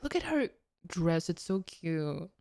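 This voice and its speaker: A woman's voice: lowish voice, big pitch swings, slow pace, gravelly, warm tone, no room sound, studio quality. A woman streamer giving casual watchalong commentary, giggling often and rambling with fillers and restarts. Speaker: VTuber streamer.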